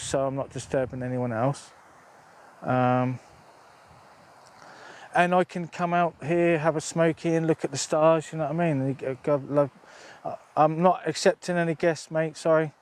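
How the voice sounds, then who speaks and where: Chatty man, fairly high voice. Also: steady tone, moderate pace. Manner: rambling, chatty, swears freely. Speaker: outdoor vlogger. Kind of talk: casual live-stream chat. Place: outdoors on open moorland by a tent.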